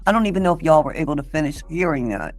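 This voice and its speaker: A woman's voice: deep voice, animated, very fast. A woman on a livestream in an angry, indignant rant, cursing and defensive.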